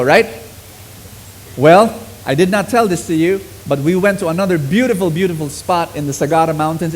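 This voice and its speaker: A middle-aged man preaching a sermon to a congregation, swinging between loud exclamations and soft, low lines. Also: a little hiss or hum, rough recording.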